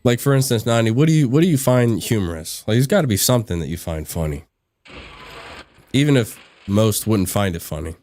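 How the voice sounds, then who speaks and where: Chatty low-voiced man hosting a game stream. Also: animated, a little fast, darkish tone. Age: adult. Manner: chatty, laughs often, reads out chat replies. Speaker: livestream gaming host. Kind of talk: casual chat while gaming.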